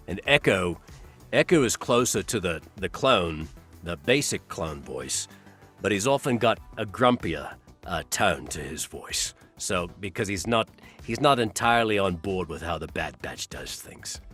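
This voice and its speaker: A man in an interview clip, explaining character voices in a measured way and shifting into brief character voices. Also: low-pitched, expressive, fairly bright tone, soft background music.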